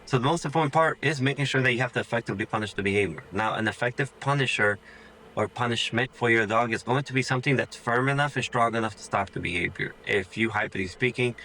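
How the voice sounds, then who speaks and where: A man's voice: medium pitch, fast talker, pushed and bright, slight background noise, rough recording. A man, a dog trainer, giving casual tips straight to the viewer, loose and chatty, often voicing what a dog would think. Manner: informal, says "dude" and "like" a lot, acts out the dog's thoughts. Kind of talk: casual instructional talk to camera.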